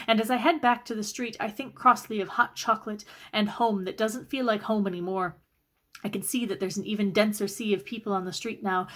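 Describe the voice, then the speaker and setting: A woman reading a first-person novel aloud for a library book club, narrating in a steady way. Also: medium pitch. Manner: steady first-person narration, rising sharply in quoted arguments.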